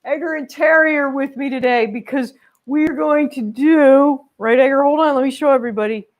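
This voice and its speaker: A woman with a fairly high voice teaches yoga to young children from her home, recorded on a camera she set up herself. Her manner stays upbeat and encouraging. She talks gently as she walks kids through each pose. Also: normal speed. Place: home room with her dogs.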